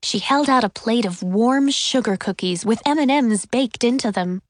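A woman reading a children's chapter book aloud as audiobook narrator in clear, even storytelling. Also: on the high side, moderate pace, no room sound, studio quality. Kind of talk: scripted narration.

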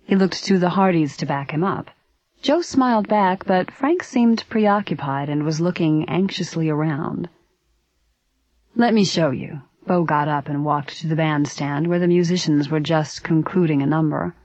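A woman narrating a story aloud in a steady, even reading voice. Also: low voice, normal speed, dry recording. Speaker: audiobook narrator. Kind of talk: scripted narration. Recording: dry, slightly dull recording.

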